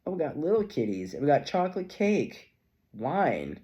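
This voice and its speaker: Animated middle-aged man reading tarot. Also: fairly high pitch, normal speed, highs cut off. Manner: animated, chatty, laughing often, playful asides. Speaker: tarot reader. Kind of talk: casual tarot reading to camera.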